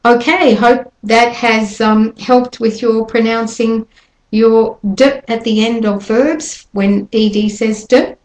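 A woman teaching English pronunciation, speaking carefully and modelling words slowly for listeners to copy. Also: on the high side, steady tone, darkish tone, reverberant, low-quality recording. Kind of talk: slow instructional lesson with repeated examples.

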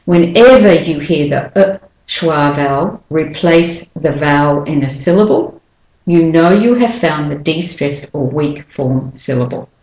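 A woman giving a spoken pronunciation lesson, slowly and carefully demonstrating individual sounds and syllables. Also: low-pitched, lively intonation, a little mellow, echoey room, low-quality recording. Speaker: pronunciation teacher.

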